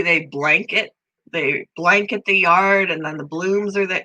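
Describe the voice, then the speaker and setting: Congested chatty woman with a bright voice. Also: on the low side, measured pace, low-quality recording. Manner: chatty, talks to viewers by name, coos softly over pets. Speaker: channel host. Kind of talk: casual live-stream chat.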